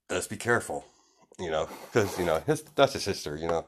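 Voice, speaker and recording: A man's voice: sits low, animated, brisk. A man casually improvising a fan story, rambling with lots of fillers and frequent chuckles.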